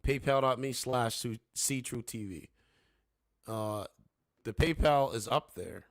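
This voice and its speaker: A man's voice: mid-range voice, animated, takes it slowly, no echo. A man hosting a casual livestream from his home studio, rambling and repeating "you know what I'm saying". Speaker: livestream host. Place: home studio with two monitors.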